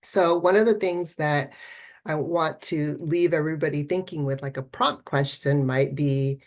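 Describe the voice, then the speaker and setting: Woman therapist talking, low voice, keeps saying right, encouraging. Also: measured pace. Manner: warm, encouraging, often adds "right?". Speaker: art therapist and coach. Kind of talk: festival talk.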